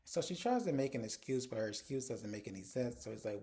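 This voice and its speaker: A man recapping a TV episode in casual, frank talk, jumping his pitch up to mimic the female characters. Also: fast talker. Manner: animated and frank, addresses viewers as y'all. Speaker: TV episode reviewer.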